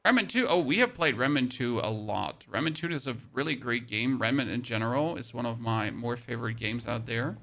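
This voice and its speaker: German guy streaming a game, gravelly bright voice, chatty and joking at himself. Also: mid-range voice, lively intonation, a little fast, hardly any pauses. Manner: chatty, self-mocking. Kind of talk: casual gameplay commentary.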